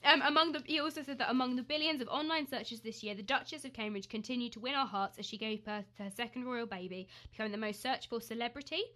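A young Englishwoman co-hosting a chatty podcast, reading out news stories with stumbles and a ready giggle. Her voice is bright and crisp, and it sits a little high. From England. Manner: giggly, teasing, reads stories haltingly. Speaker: podcast co-host. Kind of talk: casual chat, reading news items aloud.

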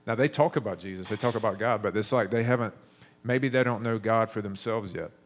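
There's slight background noise as a man, apparently in his thirties, preaches fairly quickly. His voice is a little low, and his easygoing, conversational storytelling keeps stopping and restarting.

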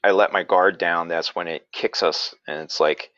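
A paranormal investigator and podcaster with a lowish voice tells a story casually in conversation, rambling easygoingly with many "you know" fillers and restarts. He speaks at normal speed with fairly even intonation and a sharp tone. The sound is dry and close with no echo, dull and slightly lo-fi.

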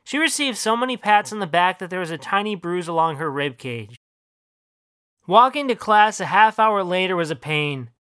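Bright, dry-voiced storyteller. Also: mid-range voice, smooth, no echo. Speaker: author and narrator. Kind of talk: audiobook reading and casual commentary.

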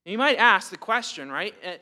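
A man preaches a sermon in a bright, forward voice that sits a little high for a man. He is emphatic and keeps asking rhetorical questions, often repeating words as he builds his point. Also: lively intonation, brisk. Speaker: pastor.

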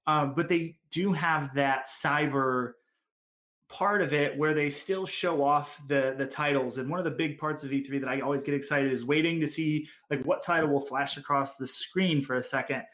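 Podcast co-host, male, slightly high voice, rambling and enthusiastic. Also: normal speed, a bit bright. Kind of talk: casual chat.

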